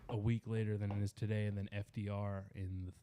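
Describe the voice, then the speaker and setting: A man's voice: lowish voice, level tone, brisk, dark tone, slight background noise. A man chatting casually as a co-host, explaining in an easygoing, hedging way. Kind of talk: casual chat.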